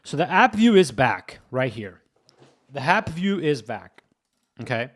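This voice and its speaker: With a sing-song, mid-range voice and a measured pace, a young man offers casual commentary while live-streaming his coding. He reasons aloud, repeats things, and addresses his chat directly.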